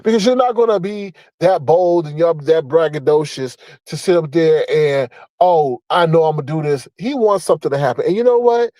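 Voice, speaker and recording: A man's voice: on the high side, expressive, moderate pace, few pauses, mellow, no echo, low-quality recording. A man giving a blunt, profane commentary rant, scolding and mocking, repeating his points for emphasis. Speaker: online commentator. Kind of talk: ranting commentary.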